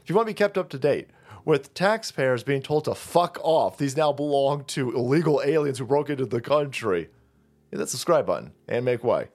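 A man's voice: medium pitch, lively intonation, moderate pace, a little mellow. A man hosting a profane political commentary channel, sarcastic and mocking as he talks over a clip. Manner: sarcastic, mocking, foul-mouthed, laughing.

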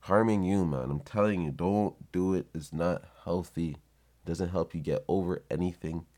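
Young man, low voice, blunt and profane, for a casual vlog monologue. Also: normal speed, dark tone. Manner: blunt and profane, heated storytelling. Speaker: vlogger.

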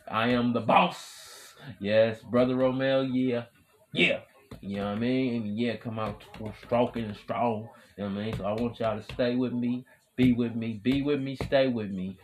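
A man hosting his own podcast in a rambling, profane hype monologue, repeating chants and swinging from loud shouting to low mutters. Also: a little hiss or hum. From Wisconsin. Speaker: podcast host.

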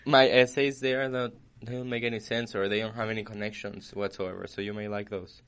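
A man's voice: on the low side, little pitch movement, brisk, fairly bright tone, smooth. Young man making dry, teasing asides. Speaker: podcast co-host. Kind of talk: casual chat.

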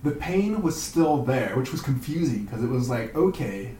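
A man co-hosting a casual podcast chat, reflective and halting as he thinks aloud. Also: medium pitch, lively intonation, dark tone, reverberant, far from the mic, a little hiss or hum, poor audio. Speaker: podcast co-host.

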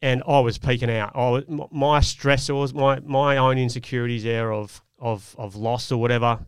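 A man's voice: mid-range voice, fairly even intonation, normal speed, clear, resonant tone, no echo, clean studio sound. A man, telling a personal parenting story in an earnest, reflective way on a casual podcast. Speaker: podcast co-host. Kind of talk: casual chat.

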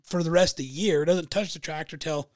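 Man, podcast co-host, relaxed halting storytelling, dry close mic. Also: a little high, no echo. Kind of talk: casual storytelling chat.

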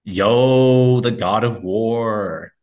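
A man's voice: fairly low pitch, very slow, darkish tone. Playful slangy man hosting a quiz. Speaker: podcast co-host. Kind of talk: casual chat, quiz host.

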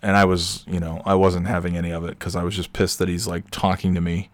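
Deep-voiced man ranting through a story. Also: little pitch movement, fast, dry recording. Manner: profane, rambling storyteller with frequent fillers; irritated, ranting. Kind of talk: rambling anecdotal monologue.

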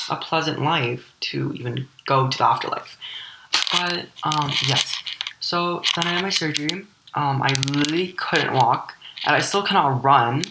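A teenage girl from Ukraine with a deep voice, hosting a personal podcast and telling her story in a candid, rambling way full of "like" fillers. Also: fairly bright tone, echoey room, a little hiss or hum, rough recording. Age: teens. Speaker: podcast host.

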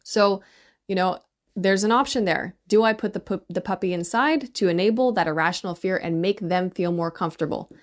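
A middle-aged woman who comments on parenting delivers a casual, rambling monologue full of opinions, often ending her points with "right?". Her voice is medium-pitched and brisk.

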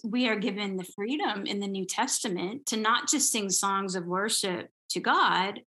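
A woman who is a composer and musician speaks earnestly as a guest in a conversational interview, illustrating her views with examples and laughing lightly now and then. Her mid-range voice is pushed and bright, at a moderate pace.

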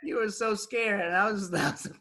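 A young man casually reminiscing with an old friend, animated, acting out quoted voices and laughing often. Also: high voice, a little fast. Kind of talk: casual storytelling chat.

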